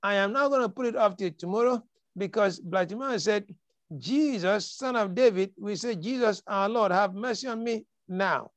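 A man's voice: sits high, normal speed, no room sound. A man preaching a sermon, emphatic and repeating his key lines, quoting scripture dramatically. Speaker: pastor.

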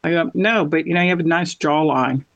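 A middle-aged woman hosts a podcast, her deep voice moving fairly quickly as she tells rambling stories and acts out both sides of each conversation. It's casual storytelling, captured in muffled lo-fi audio.

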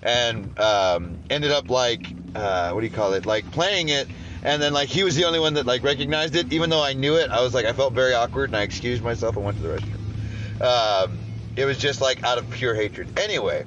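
A man's voice: medium pitch, brisk, a bit bright, highs cut off, a little hiss or hum. A man hosting a podcast, chatting casually and rambling, swearing freely. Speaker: podcast host.

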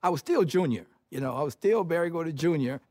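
An older man from Detroit, USA, tells stories from his past in a reflective interview. His voice sits a little high for a man and has a husky edge. He chuckles often, acts out what his family said, and sounds close and dry, with no room echo. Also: fast. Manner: animated storyteller who chuckles as he talks and acts out family dialogue.

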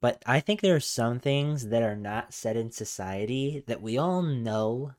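A man's voice: mid-range voice, lively intonation, measured pace, a little mellow. A man hosting a casual podcast, rambling and hesitant, often trailing off mid-thought. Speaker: podcast host.

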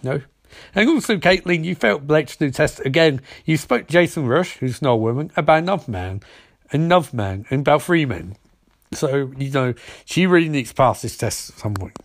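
A man's voice: fairly high pitch, expressive, brisk. A man casually recapping a TV episode, making wry, mocking asides and briefly mimicking the characters as he goes.

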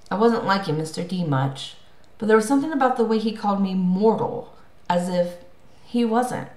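A woman narrating a first-person audiobook in a lively storytelling manner. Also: mid-range voice, moderate pace. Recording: roomy echo.

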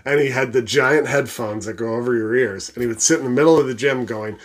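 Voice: medium pitch, brisk. Laughing, swearing podcast host. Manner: storytelling, laughs a lot, swears freely. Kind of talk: casual chat.

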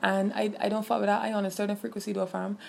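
A young woman, telling a personal story in a casual, animated and profane way. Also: mid-range voice, fast, gravelly, a little hiss or hum. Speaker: vlogger.

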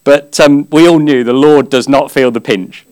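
A male preacher delivers a sermon in an earnest, conversational way. His pitch sits in an ordinary middle range, and he lightens the message with gentle humor. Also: normal speed. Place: church service.

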